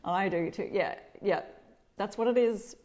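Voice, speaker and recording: A middle-aged Australian woman hosting a casual DIY live stream from her home workshop, chatty and greeting viewers by name, a little stuffy and clearing her throat. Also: mid-range voice, unhurried, a little mellow. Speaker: DIY craft host.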